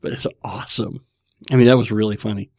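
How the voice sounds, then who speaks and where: A man's voice: on the low side, steady tone, fast, vocal fry, a little mellow, no echo. A man hosting a casual podcast, rambling and laughing at himself as he chats from home. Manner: rambling, laughing, self-mocking. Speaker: podcast host.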